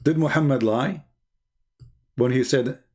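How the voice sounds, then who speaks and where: A man's voice: mid-range voice, unhurried, a little mellow. A man with giving mocking, sarcastic commentary on video clips. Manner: sarcastic, repeats words for effect, non-native phrasing.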